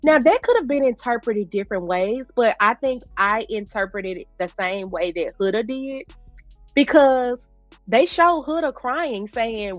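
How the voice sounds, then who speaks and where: A woman's voice: a little high, lively intonation, a little slow, a bit bright, no room sound, soft background music. A woman vlogger giving a casual, chatty recap of a reality show, talking straight to her viewers with informal slang. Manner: chatty, addresses viewers as "y'all".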